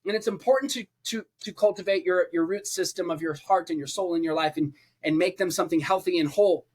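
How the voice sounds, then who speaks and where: Emphatic preacher, fairly high voice. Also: male voice, fast, darkish tone, husky. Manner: emphatic, repetitive rhetorical lists. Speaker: preacher, podcast guest. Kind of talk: passionate conversational preaching.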